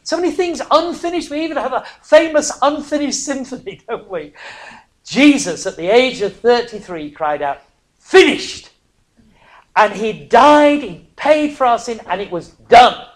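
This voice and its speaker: A preacher, giving a sermon that swings from hushed near-whispers to loud, emphatic cries, broken by chatty, self-mocking asides. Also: mid-range voice, lively intonation, moderate pace. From northern England.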